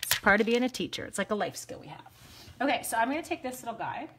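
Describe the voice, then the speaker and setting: A woman's voice: on the high side, big pitch swings, quick pace, background noise. A woman demonstrating card stamping live, talking each step through in a chatty, bubbly way and addressing viewers by name. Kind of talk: casual live crafting demo.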